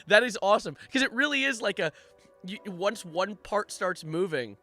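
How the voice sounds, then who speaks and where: A young man streaming live in a bright, forceful voice a little higher than most men's. He banters with chat, jokes constantly and reads donations aloud, with faint music playing under him. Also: very animated, unhurried. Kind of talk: casual livestream chat.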